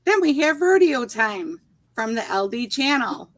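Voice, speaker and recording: A woman's voice: sits high, big pitch swings, unhurried, no room sound. A woman from Kentucky with a Southern drawl, reading out video titles and chatting casually as a livestream guest. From Kentucky, USA. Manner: reads out list with laughs. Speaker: guest creator.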